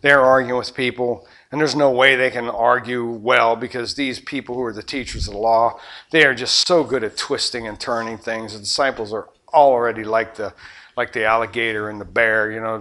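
A man preaching a sermon, animated, acting out scenes and shifting between loud and soft. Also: medium pitch, normal speed. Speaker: pastor.

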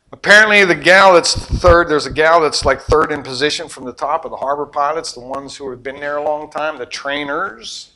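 Animated, bright-voiced middle-aged man preaching. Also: a little high, normal speed. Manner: animated storytelling, swinging from loud to hushed. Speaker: pastor. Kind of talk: sermon.

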